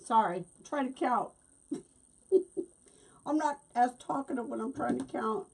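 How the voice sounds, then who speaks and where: A woman's voice: a little high, slow, vocal fry, darkish tone, breathy edge. A middle-aged woman hosting a casual craft tutorial, chatting and laughing as she works. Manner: chatty, laughs often, talks while working. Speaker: wreath-making host.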